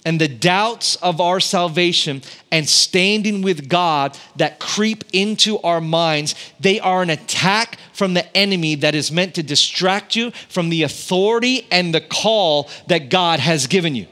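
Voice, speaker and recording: A man's voice: high-pitched, a little slow, few pauses, pushed and bright. A man in his thirties, a pastor, preaching a sermon in a conversational storytelling way, building intensity on key points. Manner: conversational storytelling with impressions of family.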